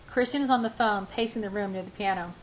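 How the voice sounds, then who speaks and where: A woman's voice: medium pitch, a little hiss or hum, rough recording. Older woman reading a novel aloud. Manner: unhurried, with small slips and restarts. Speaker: reader. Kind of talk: amateur audiobook reading.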